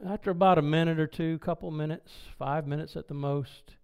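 Preacher, male, storytelling sermon with acted-out quotes, smooth higher voice. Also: a little fast. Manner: animated storytelling with quoted dialogue; loud when excited.

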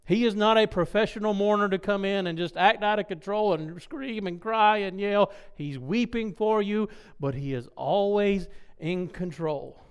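A man's voice: high voice, normal speed, few pauses, clear, resonant tone. A man preaching a sermon, asking the congregation rhetorical questions and acting out sounds. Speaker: pastor.

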